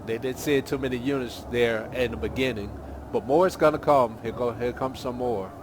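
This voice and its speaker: A man's voice: medium pitch, moderate pace, noisy background. A man giving casual, rambling gameplay commentary as a gaming channel host, thinking aloud as he plays. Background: game music.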